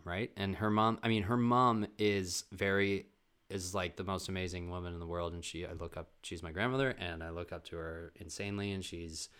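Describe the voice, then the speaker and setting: Bright-voiced guy rambling casually. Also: deep voice, clear, resonant tone. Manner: rambling, loose, swears freely, many restarts. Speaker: podcast host. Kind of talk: casual storytelling monologue.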